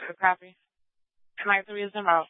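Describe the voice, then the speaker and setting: A high-pitched male police dispatcher reads out addresses and call codes in a clipped, procedural way. He comes through a tinny, narrow-band radio scanner with a dry, close sound. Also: flat delivery, moderate pace, clean tone, no room sound.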